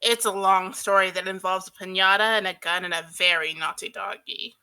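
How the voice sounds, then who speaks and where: A woman's voice: medium pitch, fairly even intonation, brisk, sharp tone, clean tone, rough recording. A woman reading the lines of a cheerful, bubbly teenage girl during a comic read-through with friends. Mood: chipper. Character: cheerful dreamy teen girl Jade.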